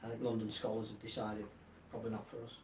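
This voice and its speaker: A man co-hosting a casual sports chat, giving measured, thoughtful comments with dry quips. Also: on the low side, completely flat delivery, darkish tone, slight background noise. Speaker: co-host. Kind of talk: casual radio-style chat. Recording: roomy studio audio from a distance, faint background.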